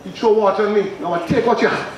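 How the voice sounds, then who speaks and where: High-voiced shouting preacher. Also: male voice, fast talker, heavy background noise. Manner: storytelling preacher, builds to shouts, quizzes the congregation. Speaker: pastor. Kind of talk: evangelistic sermon with call and response. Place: church or tent with congregation. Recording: very echoey hall with crowd.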